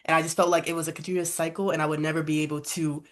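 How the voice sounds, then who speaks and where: A woman's voice: sits low, level tone, very fast. A woman hosting a podcast, speaking in a casual, reflective way and affirming her guest. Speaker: podcast host. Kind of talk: casual conversation.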